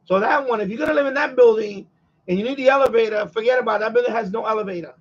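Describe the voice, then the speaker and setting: Man, New York accent, casual repetitive chat, husky, muffled lo-fi sound. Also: very high voice, very fast. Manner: repetitive, conversational, chuckles often. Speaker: radio hobby live streamer.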